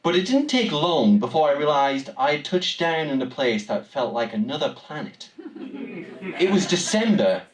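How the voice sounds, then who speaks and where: A young man from Newcastle with a Geordie accent, telling a wry, comic story live on stage in a small venue. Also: on the high side. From Newcastle, England. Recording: roomy room, distant mic, audience.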